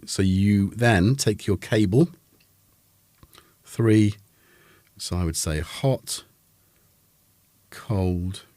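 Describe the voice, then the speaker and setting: Man, deep voice, slow and meandering live-demo host, rambling and self-correcting, animated intonation. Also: dry recording. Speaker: host of a synth livestream. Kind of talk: casual live demo chat.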